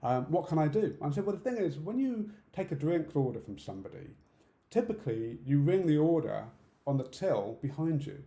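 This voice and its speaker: Middle-aged British man, warm low-key tone, direct speaker talk recorded in a roomy space. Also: very animated, brisk. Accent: British English. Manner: direct, practical, checks in with "okay?". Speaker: conference speaker. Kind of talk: online presentation talk. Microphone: video call setup. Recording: roomy echo.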